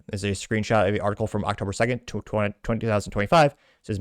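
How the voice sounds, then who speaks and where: A man's voice: lowish voice, racing, no room sound. A man hosting a show, casually reading out social media posts with frequent stumbles and self-mocking asides. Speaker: show host.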